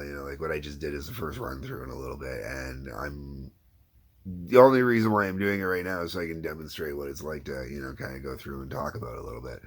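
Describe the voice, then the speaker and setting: Deep-voiced man chatting loosely. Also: fairly bright tone. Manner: loose, meandering and unscripted. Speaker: creator and host of a brick-animation series. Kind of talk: casual behind-the-scenes chat.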